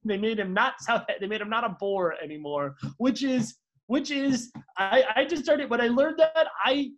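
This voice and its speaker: A podcast co-host telling rambling stories in casual chat, full of fillers and restarts, and swooping high when excited. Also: normal speed.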